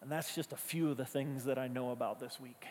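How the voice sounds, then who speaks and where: A man's voice: medium pitch, steady tone, brisk, a little mellow, big-room sound, slight background noise. A man preaching a sermon as a pastor, conversational and emphatic, telling stories and repeating key phrases. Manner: conversational, storytelling, emphatic repetitions.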